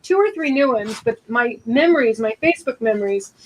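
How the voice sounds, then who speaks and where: A woman chatting casually as a guest on a live stream, jokey and quick to laugh. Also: on the high side, animated, a little hiss or hum, low-quality recording. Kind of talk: casual chat.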